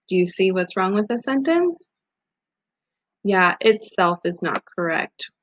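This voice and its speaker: A woman's voice: mid-range voice, expressive, takes it slowly, pauses often. A woman teacher giving a recorded grammar lesson, patient and methodical, walking through examples step by step. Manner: patient, methodical, talks through on-screen steps. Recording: slightly dull lo-fi audio.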